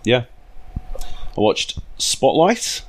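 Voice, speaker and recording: A man co-hosting a podcast, chatting casually in a jokey, sweary, animated way. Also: mid-range voice, extremely slow. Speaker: podcast co-host. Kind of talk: casual chat.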